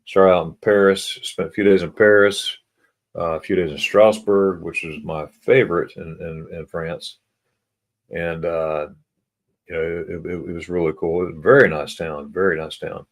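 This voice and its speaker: Deep-voiced man chatting on a livestream. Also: flat delivery. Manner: halting, repeats words, chuckles often. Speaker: livestream host. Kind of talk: casual livestream chat reading comments.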